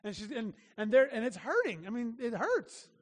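A man's voice: very high voice, big pitch swings, normal speed. A man preaching a sermon as a pastor, earnest and emphatic, often restarting his phrases. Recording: long reverb of a large hall.

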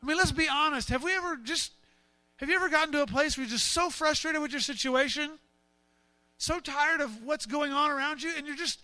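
High-voiced, bright preaching man. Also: brisk, no room sound. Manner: animated, acts out quotes and voices. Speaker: pastor. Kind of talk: sermon.

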